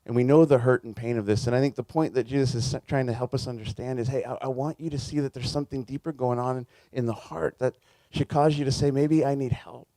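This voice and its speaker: A man's voice: mid-range voice, fairly even intonation, fast, warm tone, dry recording. A man preaching a sermon as a pastor, in a conversational, earnest way, with frequent restarts.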